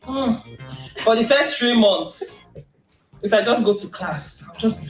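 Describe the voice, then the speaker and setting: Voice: mid-range voice, moderate pace, reverberant, soft background music, rough recording. A speaker in a casual interview, recounting struggles with a laugh.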